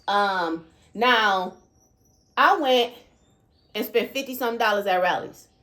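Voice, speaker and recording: A woman's voice: medium pitch, unhurried, bright, forceful tone. A woman hosting her channel, giving a casual spiritual card-reading talk in an emphatic way and checking in with "okay?" after nearly every point. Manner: emphatic, keeps adding "okay?" and "all right?". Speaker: channel host, card reader.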